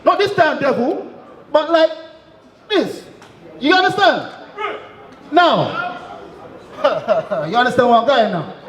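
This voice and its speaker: A man preaching to a crowd in the street, shouting and calling on listeners to answer, asking again and again if they understand. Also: very high voice, very animated, slow pace, long pauses. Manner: repeats "you understand?". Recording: echoey, crowd noise behind.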